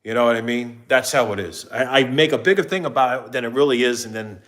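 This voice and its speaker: A man's voice: medium pitch, fast talker. A middle-aged man, chatting casually and at length on a live stream, rambling and poking fun at himself. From New Jersey. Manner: rambling, self-mocking, jumps into excited put-on voices. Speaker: vlogger doing a live stream.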